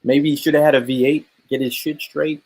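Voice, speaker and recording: A man's voice: fairly high pitch, flat delivery, brisk, husky, low-quality recording. A man hosting a casual live sports chat, laid-back and joking. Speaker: podcast host.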